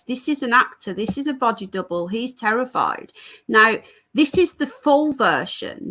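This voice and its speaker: A woman's voice: fairly high pitch, bright, forceful tone. A woman from the United Kingdom hosting a live stream from home, talking casually to viewers and reading their comments aloud. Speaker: livestream host. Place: home with a child nearby.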